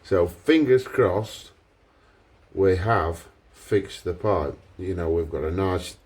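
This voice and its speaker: A man, a pipe maker talking through his workshop repair in a relaxed, thinking-aloud way. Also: low-pitched, takes it slowly. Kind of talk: workshop vlog.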